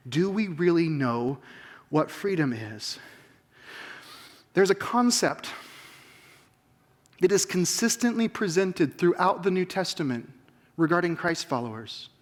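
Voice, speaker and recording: A man's voice: sits high, animated, moderate pace, long pauses. A man in his forties preaching a sermon, emphatic and full of rhetorical questions to the congregation. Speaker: pastor.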